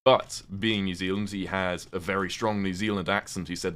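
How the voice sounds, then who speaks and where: Deep-voiced man chatting on stream. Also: fairly quick, few pauses, fairly bright tone. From United Kingdom. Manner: rambling, chatty, laughs often at himself. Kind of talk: casual livestream chat while playing a game.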